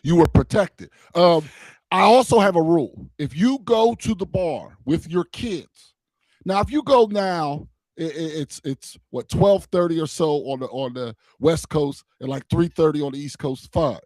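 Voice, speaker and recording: A man's voice: on the high side, measured pace, darkish tone, no echo, low-quality recording. A man co-hosting a talk show, casual and blunt, laying out his opinions with emphasis. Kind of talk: casual chat.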